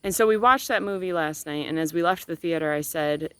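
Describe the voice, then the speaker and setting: A woman's voice: deep voice, a little fast, few pauses, a bit bright, clear, resonant tone, dry recording. A woman speaking directly to her viewers, telling a personal family story in an earnest, emotional, conversational way. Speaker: channel host.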